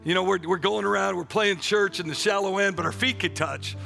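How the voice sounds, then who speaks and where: A man's voice: high-pitched, fairly quick, creaky, sharp tone, soft background music. A man preaching a passionate sermon, leading the congregation in call-and-response declarations and breaking into joking asides. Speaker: pastor.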